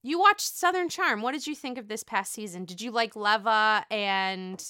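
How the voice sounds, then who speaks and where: A woman chatting about reality shows with a bright, crisp voice. She talks in an animated way, swears a lot and drops into quick impressions. The sound is close and dry. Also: medium pitch, no room sound. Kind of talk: casual reality-TV chat.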